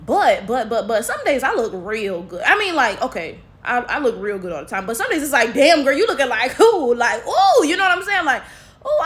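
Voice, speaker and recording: A high-pitched African American woman from the United States talks straight to her audience with plenty of sass. She fills her commentary with "right?" and "you know" and keeps it loose and conversational. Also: bright, forceful tone. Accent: African American English. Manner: chatty, sassy, full of tags like "right?". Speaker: commentary vlogger. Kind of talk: casual opinion commentary.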